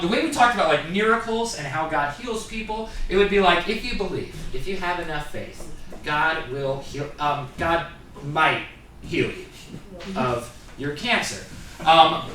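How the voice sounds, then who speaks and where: A man doing a stand-up comedy set on a theatre stage, animated, acting out characters in shouted voices. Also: high-pitched, a little hiss or hum. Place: theatre stage with live audience. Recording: echoey theatre, distant mic, crowd laughter. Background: audience laughter.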